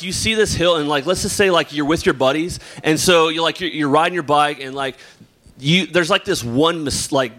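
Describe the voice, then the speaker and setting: A man's voice: a little high, a bit bright. A young man preaching a sermon, praying and then telling a casual story full of "like" and filler words. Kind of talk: sermon with opening prayer and personal story. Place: church or youth service hall.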